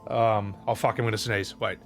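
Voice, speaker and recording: A man's voice: fairly low pitch, level tone, moderate pace, faint music behind. A man streaming a game, chatting casually with viewers, joking, laughing and swearing. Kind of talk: casual live-stream chat.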